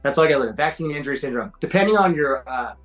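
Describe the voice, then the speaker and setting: A man's voice: mid-range voice, animated, very fast, fairly bright tone, soft background music, rough recording. A man in his forties, a podcast guest, telling stories in casual chat, slangy and swearing, acting out quotes. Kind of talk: casual storytelling.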